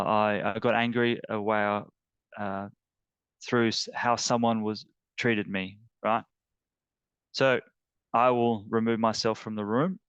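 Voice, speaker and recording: A man teaching an emotional tapping technique, talking in a halting, earnest way with many fillers. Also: fairly low pitch, fairly bright tone, clear, resonant tone, dry recording, dull audio. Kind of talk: guided tapping demonstration.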